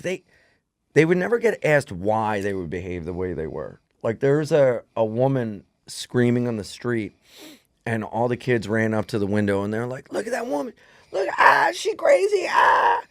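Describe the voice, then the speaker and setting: Gravelly, animated man telling stories. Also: on the low side, dry recording, clean studio sound. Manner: animated, acts out voices in his stories. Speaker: comedian and podcast co-host. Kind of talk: casual comedic storytelling. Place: podcast studio.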